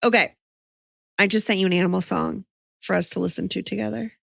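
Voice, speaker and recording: Woman, podcast co-host, casual chat, blunt, chatty, gravelly voice, dry close sound. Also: mid-range voice, steady tone, no echo. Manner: blunt and chatty, full of quick agreements.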